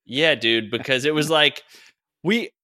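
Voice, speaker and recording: A young man chatting casually, telling a story with lots of swearing and quick impressions of people he quotes. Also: a little high, animated, pushed and bright. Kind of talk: casual podcast chat.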